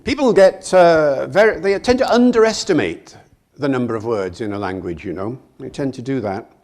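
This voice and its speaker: Male lecturer, humorous and lively, quizzes a live hall audience. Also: mid-range voice, normal speed. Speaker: guest lecturer.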